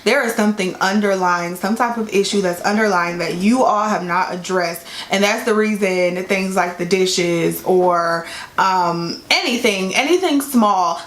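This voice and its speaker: A woman in a casual advice vlog explains relationship tips earnestly, often reaching for "like". Her pitch sits in a middle range. The room around her sounds echoey. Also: a bit bright. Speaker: vlogger giving relationship advice.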